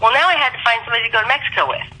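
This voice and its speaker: A woman's voice: on the high side, racing, husky, rough recording. A woman guest on a podcast, casually telling a long personal story and acting out the people in it. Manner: animated, acts out quoted voices.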